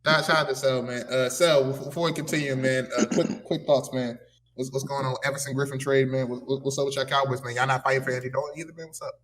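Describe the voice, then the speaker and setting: Fast-talking man hosting sports chat. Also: medium pitch, fairly even intonation, a bit bright, long reverb tail, slight background noise. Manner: interrupting, repeats words. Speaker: podcast host. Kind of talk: casual sports banter.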